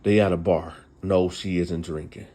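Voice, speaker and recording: The host of this easygoing storytime retelling is a man with a low, mellow voice, fairly even intonation and a moderate pace. He chats freely and talks straight to the people listening.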